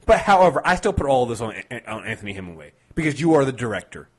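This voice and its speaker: A man's voice: medium pitch, sing-song, fast talker, husky. A man chatting casually as a film reviewer, emphatic and restarting his sentences often. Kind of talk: casual chat.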